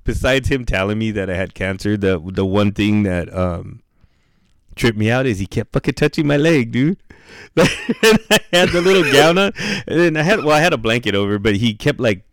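A man's voice: mid-range voice, lively intonation, normal speed, no echo, clean studio sound. A man casually telling a story on a podcast, laid-back and slangy, swearing freely and laughing as he talks.

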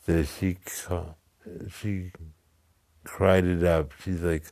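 A man with a deep voice tells a story at an easy, unhurried pace. He halts and restarts, tossing in casual asides. The sound is dry and close. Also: little pitch movement, darkish tone, dry recording.

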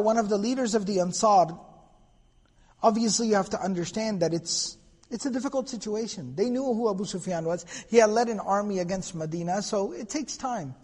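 A man giving a religious history lecture, telling the story in an animated way and quoting Arabic phrases. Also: sits high, breathy edge. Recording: long hall reverb.

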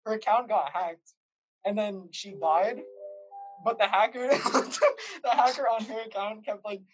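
A man's voice: sits high, expressive, a little slow, slightly rough, faint music behind, poor audio. A young man chatting as a podcast guest, teasing and giggly, often trailing off and restarting. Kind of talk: casual chat.

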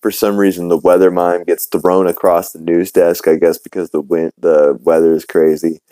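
A young podcast host from New Orleans rambles through a recap of a cartoon episode, packing it with fillers and acted-out quotes. His low, mellow voice is smooth and clear, with a level tone and moderate pace. The recording is dry and close with no room sound or echo, but rough overall.

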